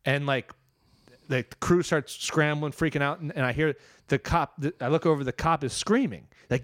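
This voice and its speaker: A man's voice: on the high side, normal speed, dry recording, studio quality. A man telling a long, rambling story in casual chat, swearing freely.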